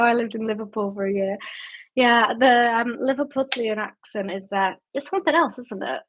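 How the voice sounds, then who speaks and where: A young woman with a Yorkshire accent hosts a casual book-chat livestream, reading out viewer comments and answering them in a relaxed, rambling way, with a lot of "like" and "um". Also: on the high side, moderate pace. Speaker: booktube host.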